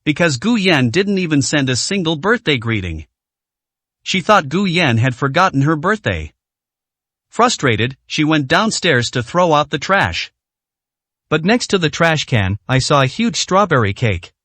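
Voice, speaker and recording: A man's voice: on the high side, sing-song, a little slow, fairly bright tone, no echo. A man narrating a translated romance story in a scripted storytelling style.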